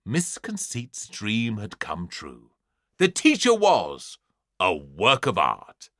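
Lively British storybook narrator. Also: male voice, on the low side, takes it slowly, dry recording, clean studio sound. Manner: theatrical, playful voices. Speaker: audiobook narrator.

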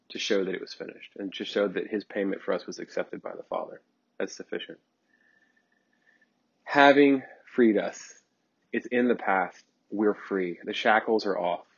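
A man's voice: on the low side, breathy edge. A male preacher giving an emphatic sermon, repeating phrases for emphasis with frequent ums along the way. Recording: dull lo-fi sermon recording.

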